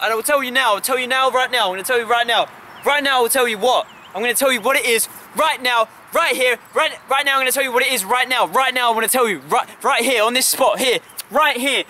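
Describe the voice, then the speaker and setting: A young man hosting his own channel, ranting in a comic, stammering, repetitive way with shouted bursts, filmed outdoors on a camera held by a friend. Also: very high-pitched, slight background noise. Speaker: channel host.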